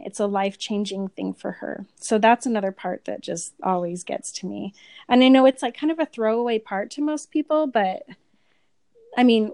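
A woman's voice: mid-range voice, darkish tone, no room sound. A woman chatting as a podcast co-host and stage performer, telling a story in a gushing, rambling way with many fillers. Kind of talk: casual chat.

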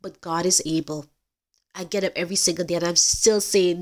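A woman's voice: on the low side, fairly even intonation, a little fast. A woman hosting a podcast, giving an earnest, emphatic faith-based talk straight to her listeners. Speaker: podcast host.

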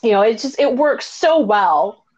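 A woman hosting a casual conversation, telling stories with lots of laughter and animated quoted dialogue. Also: fairly high pitch, a little slow. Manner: animated storyteller, laughs often. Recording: dull lo-fi audio.

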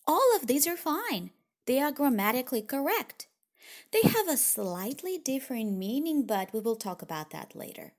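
A woman's voice: sits high, moderate pace. Woman teaching a language lesson. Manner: clear, explanatory, lively intonation.

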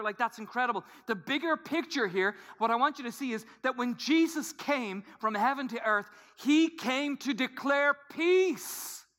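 A man preaching a sermon to a congregation, swinging from hushed whispers to loud emphatic bursts. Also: very high-pitched. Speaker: pastor.

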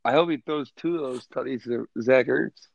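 A man co-hosting a casual podcast, profane and animated as he tells stories. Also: mid-range voice, moderate pace, creaky. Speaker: podcast co-host. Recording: dull lo-fi sound.

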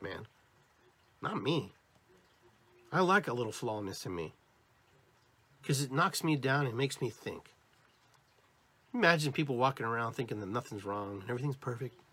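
A man with an American accent hosting a podcast, giving an animated spiritual talk to his listeners. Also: mid-range voice, breathy edge. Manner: animated, demonstrating inflections. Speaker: podcast host.

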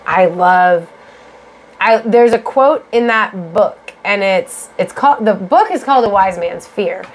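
A young woman co-hosting a casual podcast chat, gushing excitedly and swearing freely as she talks. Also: medium pitch, unhurried. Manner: excitable, swears a lot, gushes and shouts when worked up. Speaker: podcast co-host.

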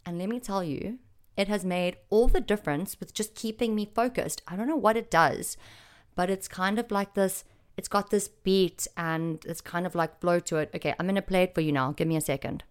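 Woman doing a chatty solo podcast from her little home office, clear smooth voice, kinda excitable. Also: lowish voice, moderate pace. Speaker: podcast host. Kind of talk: casual solo podcast chat.

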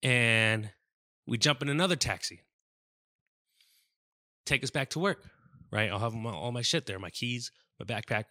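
Lively, bright-voiced male podcast host. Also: mid-range voice, unhurried, pauses often, no room sound, studio quality. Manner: animated, swears, mouths sound effects. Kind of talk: casual comedic storytelling.

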